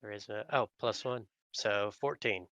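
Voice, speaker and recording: A man taking part as a player in a tabletop game, talking in a relaxed, offhand way. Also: lowish voice, a little slow, highs cut off, a little hiss or hum. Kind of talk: casual tabletop game chat.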